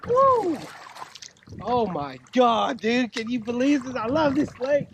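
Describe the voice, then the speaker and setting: A man, a fishing vlogger talking to camera with loud excited exclamations and free swearing, out on a lake. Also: very high-pitched, unhurried. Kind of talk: excited casual narration to camera. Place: on a boat on a lake outdoors. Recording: noisy outdoor lake audio.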